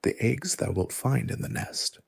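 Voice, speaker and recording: A man voicing a demanding giant who sets hard tasks, speaking slowly and softly in old-fashioned words, in soft ASMR storytelling. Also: mid-range voice, very animated, creaky, breathy edge, dry recording, voice pushed up, full character voice. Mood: stern. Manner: slow, hushed, formal old-fashioned speech. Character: demanding male giant, gruff taskmaster.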